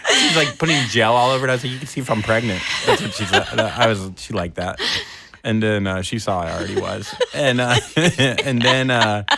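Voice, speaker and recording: Animated man telling a funny story. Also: on the low side, normal speed, vocal fry, slight background noise. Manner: animated, laughs often, acts out voices in stories. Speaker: podcast guest, comedian. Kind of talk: casual comedic storytelling.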